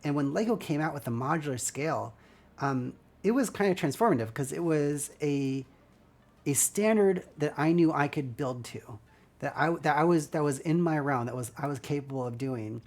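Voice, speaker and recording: With a deep, darkish voice, lively intonation and a moderate pace, a woman chats casually with her stream audience as she builds LEGO. Her speech is friendly and rambling, scratchy and slightly gravelly from a dry throat.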